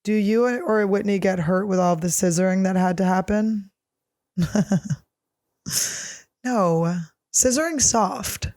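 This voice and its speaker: A woman's voice: mid-range voice, takes it slowly, pauses often, dark tone, no echo, studio quality. A woman comedian in her thirties, answering listener questions in a casual solo chat, blunt, crude and self-mocking.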